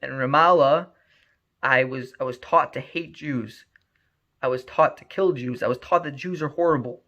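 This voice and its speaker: A man voicing a tearful young man, telling his past in a halting, earnest way, on a muffled lo-fi recording. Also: medium pitch, sharp tone.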